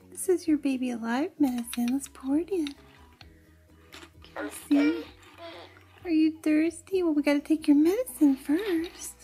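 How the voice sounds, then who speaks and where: A woman hosting a toy role-play vlog, coaxing and mothering a baby doll, often dropping into a hushed whisper. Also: high voice. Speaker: toy channel host.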